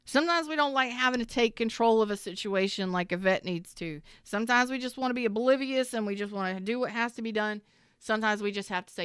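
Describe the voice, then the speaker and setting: A woman's voice: medium pitch, brisk, a bit bright, clean tone, no room sound, studio quality. A middle-aged woman, a tarot reader, talking casually and candidly to her viewers, swearing freely and rambling through asides.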